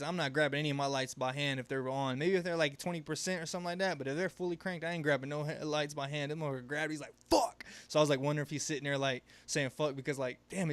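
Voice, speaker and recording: A man's voice: fairly high pitch, fairly bright tone, smooth, no echo. A man hosting a live question-and-answer stream, talking in a laid-back, rambling way, swearing freely and laughing often. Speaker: livestream host. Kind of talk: casual live Q&A chat.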